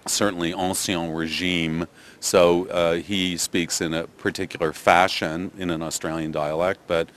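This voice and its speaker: A man's voice: sits low, level tone, a little slow, a bit bright, a little hiss or hum. An older man with a Canadian accent, a theatre director answering interview questions thoughtfully, with many restarts and fillers. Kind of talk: press interview.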